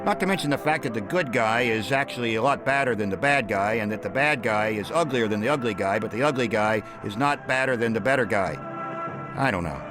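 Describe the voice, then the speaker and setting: A man narrating a satirical film history in a sardonic, deadpan way. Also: lowish voice, fairly quick, low-quality recording. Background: film score music.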